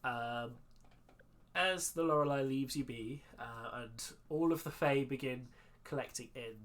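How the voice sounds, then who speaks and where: A game master running a tabletop session, relaxed and loose. Scenes are laid out with plenty of fillers in a casual, easygoing flow. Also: mid-range voice, unhurried. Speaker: dungeon master.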